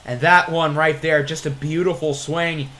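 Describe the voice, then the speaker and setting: A man giving play-by-play commentary over a video game, excitable on big plays with wry asides. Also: fairly high pitch, moderate pace, slight background noise. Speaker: gaming channel host.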